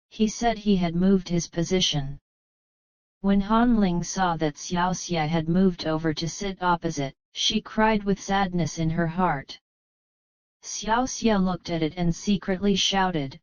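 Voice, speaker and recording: Brief: female novel narrator, smooth clear voice, even and unhurried, dull-sounding recording. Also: lowish voice, no echo. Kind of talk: novel reading. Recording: slightly dull, muffled.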